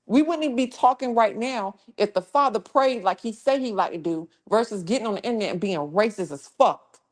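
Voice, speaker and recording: Woman on a livestream going off on trolls in chat, cussing a lot, mid pitch, blunt and scolding. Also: fairly quick. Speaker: livestream host. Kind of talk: casual livestream rant.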